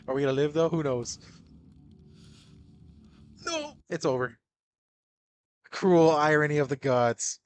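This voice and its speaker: A young man giving excitable live gameplay commentary, swearing often, calling everyone bro and dude, and panicking in repeated shouts. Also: fairly high pitch, slow pace, long pauses. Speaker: gaming streamer.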